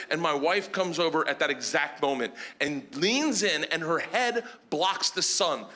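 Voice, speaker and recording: A man doing stand-up, telling a wild story in a loud, animated way, jumping into shouts on the punchlines, recorded live on a club stage. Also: fairly high pitch, normal speed, few pauses. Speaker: stand-up comedian. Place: comedy club stage before a laughing audience. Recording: live club recording with audible audience noise.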